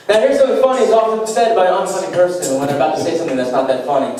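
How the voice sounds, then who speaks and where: A young male comedian delivers deadpan one-liners with a slightly high voice. He sounds distant from the mic, and the small club around him rings with a heavy echo. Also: racing, hardly any pauses. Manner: deadpan one-liners with self-deprecating asides. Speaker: stand-up comedian. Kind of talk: stand-up comedy set. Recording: echoey club heard from far off. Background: faint beatbox and room noise.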